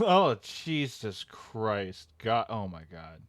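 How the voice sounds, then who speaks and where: A man with a lowish voice talks on a live stream. He reads panels aloud and reacts in loose, profane, casual commentary. The sound is close and dry. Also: very animated, takes it slowly, few pauses, no echo.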